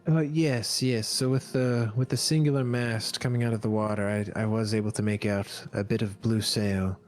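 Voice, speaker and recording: A man's voice: fairly low pitch, fairly even intonation, darkish tone, soft background music. A man running a tabletop game as dungeon master, narrating and playing characters with many fillers and restarts. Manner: slow, hesitant, with many fillers.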